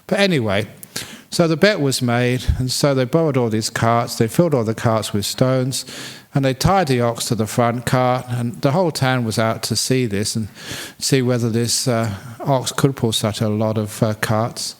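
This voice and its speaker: A man's voice: mid-range voice, normal speed. Chatty, humorous male monk storyteller. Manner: humorous, chatty, laughs at own jokes. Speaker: Buddhist monk. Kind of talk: storytelling dharma talk.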